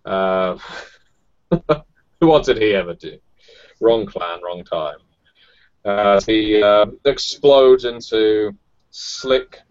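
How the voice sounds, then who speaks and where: Low slow guy running a tabletop game, lots of uhs, dull lo-fi sound. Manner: measured, hesitant with fillers. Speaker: game master.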